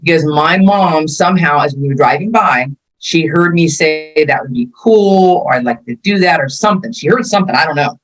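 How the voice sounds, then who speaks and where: A woman's voice: deep voice, expressive, a little fast, few pauses, soft background music, rough recording. A woman in her fifties from California, a martial arts instructor telling her life story in a casual interview, acting out the quotes as she goes. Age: 50s.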